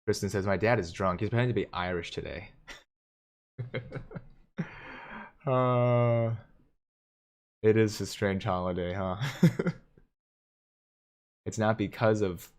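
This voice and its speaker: A man's voice: sits low, fairly even intonation, moderate pace, long pauses, a little mellow. A man hosting a live stream, casually reading viewer comments aloud and joking, with frequent chuckles. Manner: jokey, chuckles often between comments. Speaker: livestream host.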